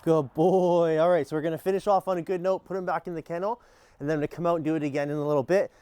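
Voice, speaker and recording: Male dog trainer, higher-pitched voice, talks through drills and snaps out cheerful commands. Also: fast, clear, resonant tone, no echo. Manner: explains calmly, then barks short upbeat commands to the dog. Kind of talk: hands-on training demonstration. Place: outdoors in a yard, training a dog.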